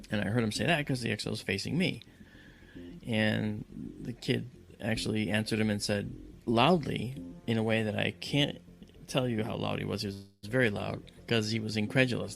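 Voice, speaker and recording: A man with a lowish, gravelly voice tells a personal story dramatically, acting out the voices of the people in it. He's halting, with many fillers and restarts.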